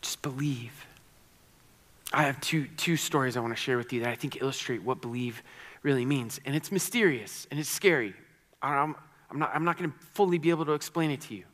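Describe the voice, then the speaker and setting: A man's voice: mid-range voice, fast, a bit bright, big-room sound. A man preaching a sermon in a conversational, earnest way, often repeating words and restarting sentences. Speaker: pastor.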